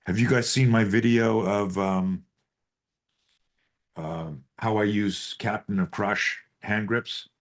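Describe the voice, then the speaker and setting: A man's voice: on the low side, slow pace. A man coaching self-defense on a live group video call, telling stories with lots of swearing and rhetorical questions. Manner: profane, animated storytelling with rhetorical questions.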